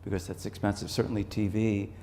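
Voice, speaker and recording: Brief: deep-voiced male journalist, measured and thoughtful, stage interview in a big echoey hall with faint room noise. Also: flat delivery, dark tone. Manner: measured, repeats words while thinking. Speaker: journalist and author, interview guest. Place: conference stage.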